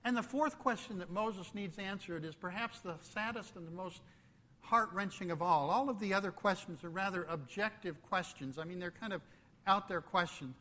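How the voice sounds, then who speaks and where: A man preaching a sermon, slow and emphatic, dropping suddenly to a hush. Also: sits high, long reverb tail. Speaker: pastor.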